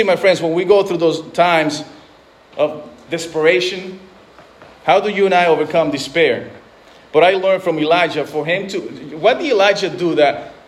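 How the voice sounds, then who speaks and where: Earnest male pastor, high voice, preaching with restarts and repeated words. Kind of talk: sermon.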